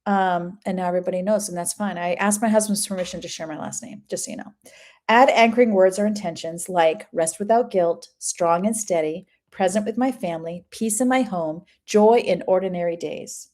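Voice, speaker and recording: A woman's voice: lowish voice, normal speed. A woman from Maine hosting a casual livestream, chatting and reading viewer comments aloud with sympathetic replies. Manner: chatty, reads viewer comments aloud and answers them warmly. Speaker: home and lifestyle channel host.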